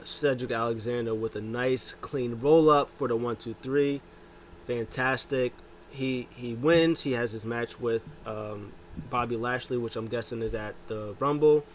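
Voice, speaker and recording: Man casually recapping with faint noise. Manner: animated retelling, jumps pitch to quote wrestlers. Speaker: wrestling show recap host.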